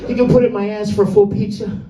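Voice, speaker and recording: In a small comedy room with few people, a male stand-up comedian talks straight at the crowd through a crude, rambling set. His high voice has little pitch movement, a quick pace, and a warm tone, brash and vulgar with crowd asides. The room is echoey and the mic sits at a distance.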